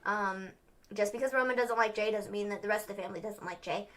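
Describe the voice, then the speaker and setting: A young woman co-hosting a casual wrestling review stream, animated and acting out quotes. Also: medium pitch, fast talker. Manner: animated, acts out quotes in exaggerated voices. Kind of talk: casual recap chat.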